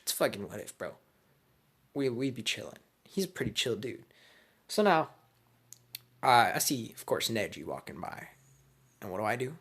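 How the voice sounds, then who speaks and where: A man's voice: mid-range voice, big pitch swings, moderate pace, pauses often, a bit bright, slightly rough. A man casually telling a made-up fan story, crude, slangy and rambling.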